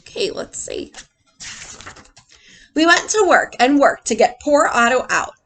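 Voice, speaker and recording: A woman teacher reading a picture book aloud to children in an animated way, stopping to ask them questions. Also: high voice, unhurried.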